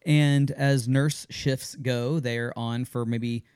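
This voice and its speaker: A man's voice: medium pitch, fairly even intonation, takes it slowly, darkish tone, smooth, no echo, clean studio sound. A man co-hosting a family podcast, telling a story in a casual, rambling way and often correcting himself mid-sentence. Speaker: podcast co-host.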